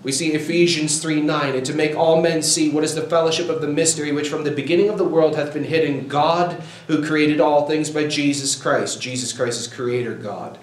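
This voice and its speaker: A man's voice: fairly high pitch, steady tone, fairly quick, few pauses, echoey room, low-quality recording. A male pastor preaching a sermon, quoting scripture with rising fervor.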